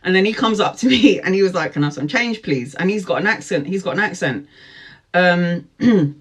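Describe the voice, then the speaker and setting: A woman in her forties, chatting live to her viewers with a slightly low voice. She tells the story in an animated way, breaking into laughter often. She stops now and then to greet people joining. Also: normal speed, breathy edge. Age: 40s. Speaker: tarot reader hosting a live stream.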